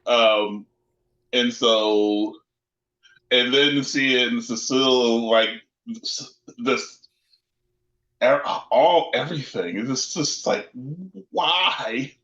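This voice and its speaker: A man's voice: mid-range voice, very slow, pauses often, dull audio. Rambling, laughing man, echoey room. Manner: rambling, laughs often, excitable. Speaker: player. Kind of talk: casual post-session recap.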